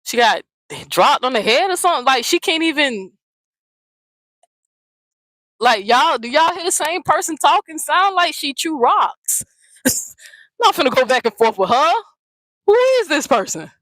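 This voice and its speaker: A woman's voice: sits high, sing-song, normal speed, long pauses, fairly bright tone, no room sound, low-quality recording. Profane, fiery woman ranting on her vlog. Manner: blunt, profane, mocking. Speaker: channel host. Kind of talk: confrontational vlog rant.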